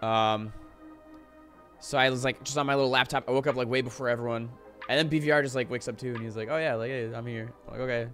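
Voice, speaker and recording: A young man in his twenties rambling casually to his live-stream chat, animated and full of "like" and swearing. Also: mid-range voice, fast talker, soft background music.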